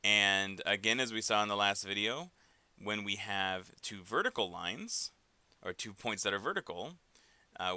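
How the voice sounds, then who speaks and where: A man's voice: fairly low pitch, animated, measured pace, pushed and bright, dry recording. A man teaching an algebra lesson in a casual way, often checking in with "right?" and "okay?". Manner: casual, with frequent fillers and tag questions. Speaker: math teacher. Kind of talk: recorded classroom lesson.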